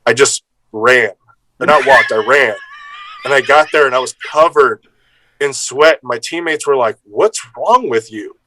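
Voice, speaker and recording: A man, an improv performer, telling a casual anecdote with lively energy, acting out other people's lines and swearing freely. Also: mid-range voice, measured pace, slight background noise, low-quality recording.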